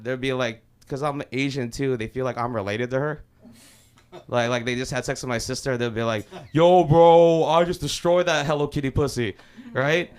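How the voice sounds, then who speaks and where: A young man from Los Angeles works through an open mic stand-up set in a small club. His voice sits a little high and comes through smooth and clean. He rambles loosely, piles on the profanity, and keeps circling back into his stories. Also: a bit bright. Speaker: stand-up comedian.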